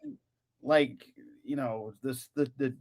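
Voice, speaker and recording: A man's voice: medium pitch, takes it slowly. A man hosting a casual live-stream podcast, reading out viewer comments and laughing often. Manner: animated, giggly, reads chat comments aloud. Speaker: podcast host.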